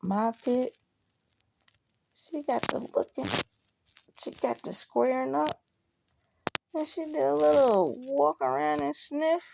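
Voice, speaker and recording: A woman's voice: high voice, slow, creaky, long pauses, noisy background. A woman casually telling a personal story to camera, blunt and profane, with emphatic outbursts.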